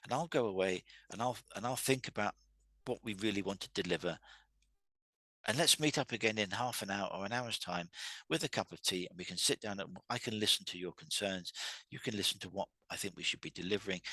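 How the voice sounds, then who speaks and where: In a solo talk on workplace communication, a man speaks briskly in a fairly low, sharp, slightly rough voice, captured without echo. He restarts often in a conversational way and voices quoted arguments loudly and heatedly.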